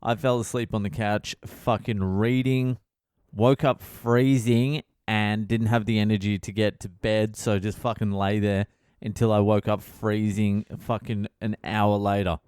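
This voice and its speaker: A man's voice: lowish voice, level tone, unhurried, darkish tone, clear, resonant tone, no echo, studio quality. Profane ranting Australian man. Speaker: comedian and podcast host. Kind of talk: casual podcast monologue.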